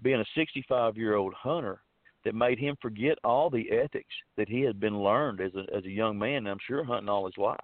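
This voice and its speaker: A man with a Southern accent and a fairly low voice tells a story in a loose, rambling way, stopping and restarting his sentences. The sound is dry and thin, like it comes over a phone line. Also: a little fast, no echo. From Arkansas. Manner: rambling, folksy, many fillers and restarts. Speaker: storyteller guest. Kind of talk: casual spoken storytelling.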